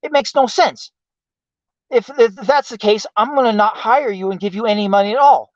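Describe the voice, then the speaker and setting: Through a home streaming mic, the host's fairly quick, high-sitting voice comes across dry, in dull lo-fi stream audio. He rants in exasperation, swearing heavily and repeatedly demanding to know why.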